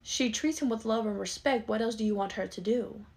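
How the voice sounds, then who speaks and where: An exasperated young adult daughter arguing with her mother, sarcastic and quick-tongued, as a woman acts her out. She talks fast in a slightly high voice in this comedy skit. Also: a little mellow, lightly acted. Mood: incredulous. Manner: argumentative, sarcastic. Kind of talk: skit role-play.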